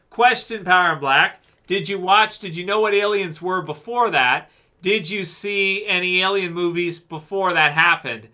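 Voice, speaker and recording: Here a livestream host, a man, loosely talks with viewers and reads what they comment, easygoing and meandering with many fillers. He calls his listeners "man," and his fairly high voice comes across pushed and bright.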